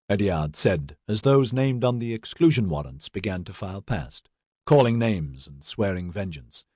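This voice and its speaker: Male audiobook narrator, husky, dry close sound, steady reading. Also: lowish voice, moderate pace, dry recording. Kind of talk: scripted narration.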